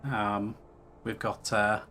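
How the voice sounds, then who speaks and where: Speaking slowly in a lowish voice, a gamer streams a let's-play, reading quest text out loud and rambling in a relaxed way with plenty of fillers. Slight background noise can be heard.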